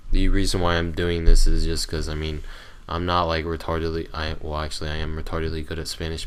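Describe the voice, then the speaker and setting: A man's voice: deep voice, fairly bright tone, clear, resonant tone. A teenage boy hosting his gaming channel, chatting casually to viewers in a rambling, grumbling way with lots of hesitations. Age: teens. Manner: rambling, hesitant with many fillers; irritable, grumbling.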